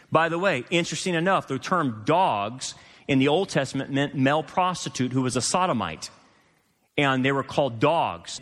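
A man's voice: fairly bright tone, big-room sound. A man preaching a sermon as pastor, teaching scripture verse by verse and rising to impassioned pleading. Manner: rises to impassioned, higher-pitched pleading.

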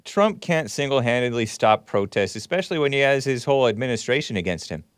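Animated sarcastic male talk show host. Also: mid-range voice, fast, smooth, no echo, studio quality. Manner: animated, sarcastic, swings loud and soft, laughs at his own jabs. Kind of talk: call-in talk show rant.

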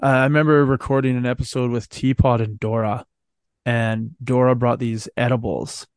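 A man's voice: medium pitch, fairly even intonation, moderate pace, clean tone, no echo, clean studio sound. A man co-hosting a podcast, telling rambling stories in casual chat, swearing freely and laughing often. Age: adult. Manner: profane, storytelling, laughs often. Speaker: podcast co-host.

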